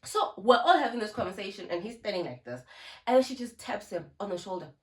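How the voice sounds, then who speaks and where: Speaking fast with lively intonation, this YouTuber has a medium-pitched voice. She's a young South African woman with the accent to match, animatedly recounting a casual storytime into her phone camera under a ring light and slipping Zulu words in as she goes.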